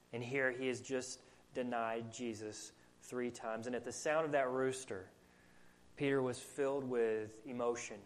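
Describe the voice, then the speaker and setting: A man's voice: medium pitch, unhurried. A man with a Southern US accent preaching a sermon, earnest and full of rhetorical questions. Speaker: pastor.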